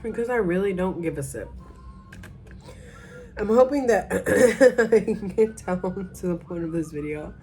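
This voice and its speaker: A woman talks through a casual vlog at an unhurried, drawn-out pace, a bit tipsy. She rambles, mocks herself and loses her thread before starting over. Faint music plays quietly in the background. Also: medium pitch, expressive. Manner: rambling, self-mocking, trails off and restarts. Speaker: vlogger.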